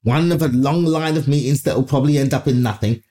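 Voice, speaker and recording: A woman from Nigeria, a comedian, telling an anecdote in an interview with animated, profane delivery. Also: rumbling low, quick pace. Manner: animated, profane, acts out other people's voices. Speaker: comedian guest.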